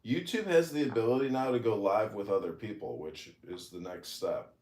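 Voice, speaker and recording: A man's voice: fairly low pitch, normal speed, a little mellow. A man hosting a podcast, telling rambling, boastful stories and laughing at his own jokes. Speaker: podcast host. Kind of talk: casual chat, storytelling. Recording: roomy echoey audio.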